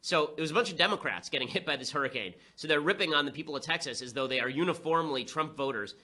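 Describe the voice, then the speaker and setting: A young man delivering a fast, sarcastic, combative political commentary monologue. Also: a little high, sharp tone.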